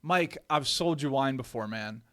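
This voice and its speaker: A man's voice: medium pitch, moderate pace, pushed and bright, no room sound, studio quality. A man co-hosting a podcast in casual chat, laid-back and swearing freely, often repeating himself. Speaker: podcast co-host.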